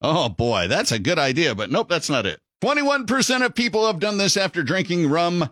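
A man's voice: high-pitched, very animated, normal speed, pushed and bright, no echo, studio quality. A man hosting a morning radio quiz, playful and teasing with callers. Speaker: radio morning show host. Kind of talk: upbeat radio quiz banter.

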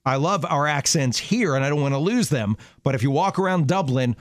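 Chatty middle-aged man, slightly high, dry. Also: expressive, no room sound. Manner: chatty storyteller, quick laughs. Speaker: radio show co-host. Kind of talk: casual chat.

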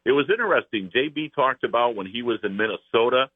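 A man's voice: mid-range voice, expressive, fast, husky, no echo. A man, a team's radio announcer, giving easygoing sports analysis as a guest on a radio show. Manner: easygoing, storytelling analysis with chuckles. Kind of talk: phone-in sports radio interview. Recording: tinny phone line.

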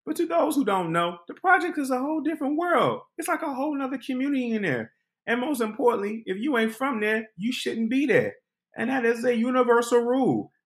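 A man hosting a podcast, telling a comic personal story with animated delivery, acting out voices. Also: very high-pitched, a little fast. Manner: animated, acts out voices and quotes. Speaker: podcast host.

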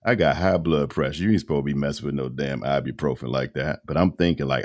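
Very deep-voiced man telling a story. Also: fast. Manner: animated storyteller, acts out quoted dialogue, casual slang. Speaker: podcast guest, voice-over artist. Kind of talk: casual storytelling interview.

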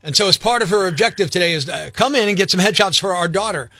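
A radio host playing an earnest, worried young father on a prank call, speaking in a hushed, hesitant, confiding way. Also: high voice, fast, dry recording, full character voice.

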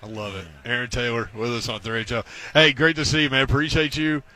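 A man hosting a sports radio interview with a bright, forceful voice. He asks his guest questions and reacts with short, upbeat remarks. His pitch sits in the middle of the range for a man. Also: steady tone, brisk. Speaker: radio show host. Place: radio row at a football event.

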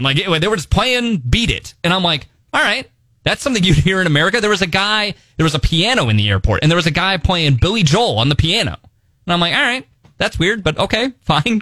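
A young man chatting on a morning radio show, his voice bright and fairly high. He tells stories in a rambling, animated way, and the studio sound is dry and close. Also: dry recording. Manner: rambling, animated storytelling with restarts and laughs. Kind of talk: casual on-air chat. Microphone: studio microphone.

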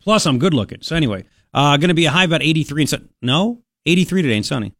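Male talk radio host, brash and joking, rambles casually; lightly raised pitch, dry studio sound. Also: expressive, rapid-fire, a bit bright, dry recording. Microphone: studio microphone.

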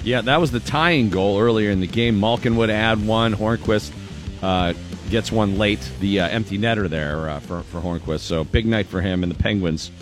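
A man hosting a morning radio show, reading the sports news in a relaxed, chatty way with many pauses. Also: on the low side, over music. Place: radio studio.

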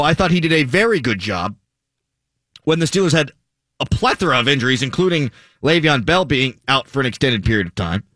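A man hosting sports talk radio, opinionated and quick, reading listener tweets into a close studio microphone. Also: fairly high pitch, sharp tone, dry recording.

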